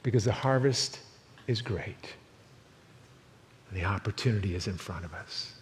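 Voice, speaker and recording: A man in his sixties preaching a sermon as pastor, telling a story in an animated way and acting out the quotes. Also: lowish voice, unhurried. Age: 60s. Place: church sanctuary. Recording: long hall reverb, faint noise.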